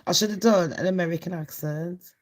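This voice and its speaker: This woman talks a little fast in a lowish voice, dishing celebrity gossip on her channel. She's brash and casual, cursing freely and laughing a lot along the way.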